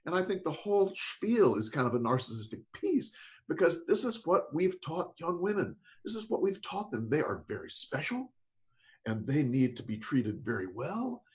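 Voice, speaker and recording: A man hosts a casual podcast discussion with a sarcastic, mocking edge. His fairly high voice swoops widely in pitch, and his delivery is animated and expressive. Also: normal speed. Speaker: podcast host.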